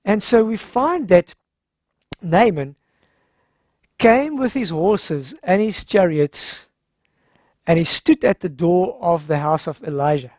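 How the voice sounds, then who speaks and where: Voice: mid-range voice, animated, slow pace, long pauses, a little mellow, no echo, clean studio sound. A speaker gives a conversational Bible-story sermon at a health seminar, retelling scripture informally and acting out the characters' lines.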